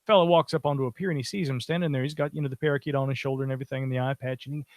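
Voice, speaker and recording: A man's voice: medium pitch, fairly even intonation, rapid-fire, no echo. A man hosting a casual podcast chat, joking and telling stories with lots of fillers. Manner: jokey, storytelling with many fillers. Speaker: podcast host.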